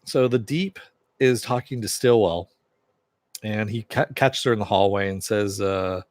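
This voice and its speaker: Male TV reviewer, casual recap, lowish voice, dry close sound, filler-heavy and chuckling. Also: a little slow, no echo. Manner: chatty, many fillers, chuckles while retelling. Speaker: TV series reviewer.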